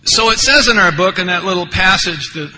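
A man's voice: high-pitched, animated, brisk, pushed and bright. An older man giving a rambling, wry personal recovery share, full of conversational asides. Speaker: speaker at a recovery meeting. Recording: echoey hall, faint background noise.

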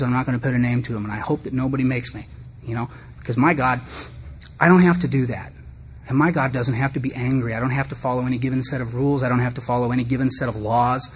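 Speaking in a meeting room, a middle-aged man gives a personal recovery talk to the group, candid and quick to poke fun at himself. He talks conversationally, often wandering into asides, in a mid-range voice with a slight hiss or hum in the background.

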